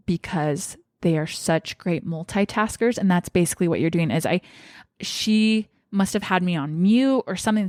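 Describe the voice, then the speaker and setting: Young woman vlogger, candid and emotional, a slightly low voice, close and dry. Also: darkish tone, no room sound. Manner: emotional, shaky and tearful at times. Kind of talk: personal storytelling.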